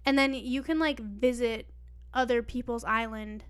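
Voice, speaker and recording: Young female co-host, clear voice, chatty, giggly. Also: on the high side, fairly even intonation, measured pace. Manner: bubbly, rambling, laughs often. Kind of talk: casual chat.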